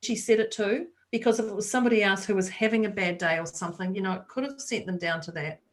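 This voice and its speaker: A woman's voice: mid-range voice, quick pace. A woman co-hosting a talk podcast, chatting casually and acting out the voices of people in her story. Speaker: podcast co-host. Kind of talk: casual chat.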